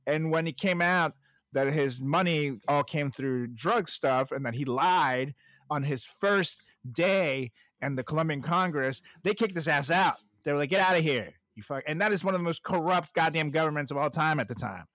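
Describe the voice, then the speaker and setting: A man's voice: on the high side, normal speed, dry recording, clean studio sound. A man co-hosting a podcast, ranting casually with lots of swearing. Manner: animated, profane, ranting. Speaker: podcast co-host. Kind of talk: casual chat.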